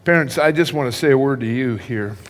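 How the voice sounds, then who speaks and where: A man's voice: mid-range voice, fairly quick, big-room sound. An older man preaching a sermon, talking conversationally and addressing his congregation directly. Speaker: pastor.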